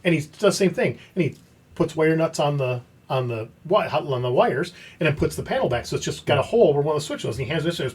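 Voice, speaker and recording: A podcast host with a husky, high-ish voice talks fast, telling a story in casual chat. He's animated and acts out the quoted dialogue.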